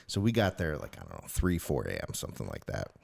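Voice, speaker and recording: A man's voice: very deep voice, huge pitch swings, fast talker, gravelly. A man co-hosting a casual podcast, telling a long rambling story with plenty of filler words. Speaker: podcast co-host. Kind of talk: casual chat over drinks.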